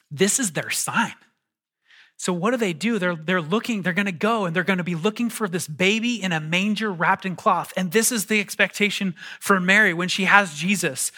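Male pastor giving a sermon: high, very bright voice, animated and emphatic delivery. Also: normal speed. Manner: animated, emphatic, calls on the congregation to respond.

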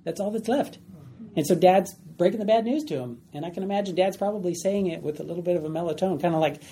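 Man teaching a Bible study, dark voice. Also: sits high, fast, slight background noise. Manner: explains plainly, acts out voices.

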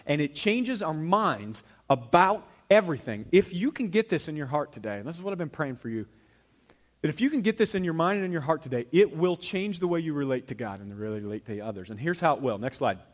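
A pastor preaching a sermon in a church, talking to the congregation in a conversational way that swings from loud emphasis to quiet asides. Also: male voice, a little high. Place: church sanctuary.

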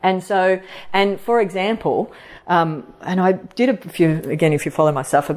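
A middle-aged woman hosts a podcast and talks casually to a live audience in a lowish voice at normal speed. She's a practitioner too, chatty and animated, and she acts out the voices she quotes.

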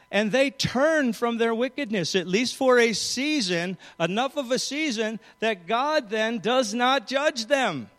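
A man with a high voice preaches a sermon. He retells a scripture story and reads its verses aloud, shifting his emphasis as he goes. His voice rings with the long reverb of a large hall. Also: a bit bright.

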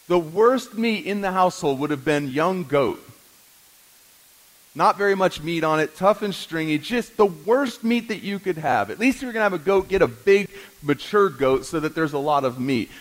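A man's voice: fairly high pitch, poor audio. Dramatic male pastor preaching a sermon. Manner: dramatic, swings from hushed to emphatic, slows down to stress points; teaches with questions to the congregation.

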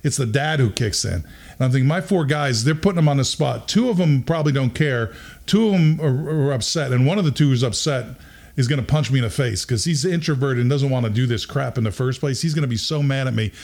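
A middle-aged man with a mid-range voice tells a story in relaxed conversation. He gets animated as he goes, chuckling and slipping into other people's voices when he quotes them. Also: medium pitch, fast talker, vocal fry.

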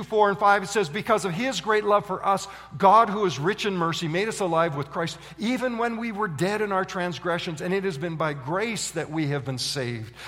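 A male pastor preaching a sermon, telling a story dramatically and swinging from loud excitement to hushed intensity. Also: high voice. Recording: long reverb of a large hall.

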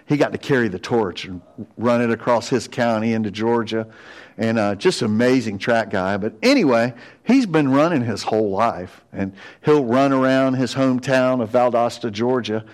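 A man preaching a sermon in a church sanctuary. His voice sits at an ordinary middle pitch, and he tells his stories emphatically. He rises to earnest exhortation as he addresses his congregation. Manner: storytelling, emphatic and rising to exhortation. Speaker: pastor.

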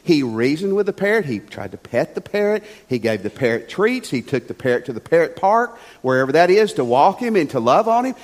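A male pastor preaches, telling stories with a lot of drama and swinging from loud to hushed. His voice is high for a man and very lively in pitch. A long hall reverb trails every phrase. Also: fairly quick, hardly any pauses. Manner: animated storytelling, swinging between loud and hushed. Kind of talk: sermon.

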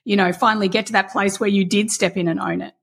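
Gushing, husky-voiced woman host. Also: mid-range voice, steady tone, fast. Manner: gushing, enthusiastic, emphatic. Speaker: podcast host. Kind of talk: podcast intro and interview.

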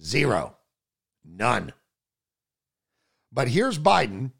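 A man hosting a political talk show, delivering combative, sarcastic commentary that swings between loud outbursts and low mutters. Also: sing-song, normal speed, vocal fry.

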